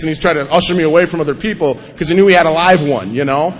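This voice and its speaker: A man with a fairly high voice tells his story to a crowd at a recovery meeting. He is wry and animated and acts out every scene, and his voice carries a long reverb from the large meeting hall. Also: fast talker, hardly any pauses.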